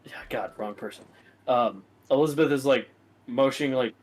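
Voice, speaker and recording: A man's voice: mid-range voice, moderate pace, a little mellow, low-quality recording. A man running a tabletop game as dungeon master, narrating in a loose, casual way.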